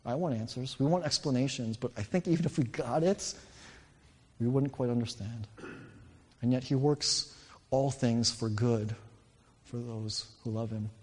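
Male pastor, 30s, earnest emphatic storyteller, mid-pitched voice, church reverb. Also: measured pace, pauses often, darkish tone. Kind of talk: sermon. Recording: reverberant hall.

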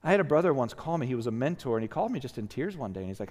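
A man's voice: mid-range voice, very animated, rapid-fire, hardly any pauses, darkish tone. A male pastor preaching a sermon, earnest and emphatic, tired and often asking "right?". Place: church sanctuary. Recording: long reverb of a church hall.

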